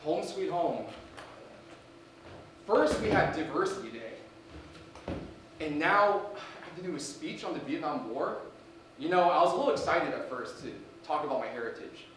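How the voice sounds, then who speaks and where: A man's voice: on the high side, lively intonation, moderate pace, pauses often, fairly bright tone, a little hiss or hum. A man doing a solo comedy monologue as a student, wry and dry, with reflective turns. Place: live theater stage. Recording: echoey stage from a distance.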